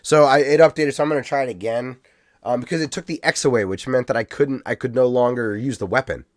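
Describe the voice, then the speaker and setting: A man co-hosting a podcast in casual chat, animated and rambling, swearing now and then. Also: mid-range voice, fast talker, no echo, clean studio sound. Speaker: podcast co-host.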